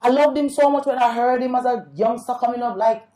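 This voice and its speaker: A Jamaican woman, a reggae singer, telling animated stories about her early career in a casual interview, slipping into patois. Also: a little high, fairly quick, echoey room. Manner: lively, sings snatches of songs, patois-laced.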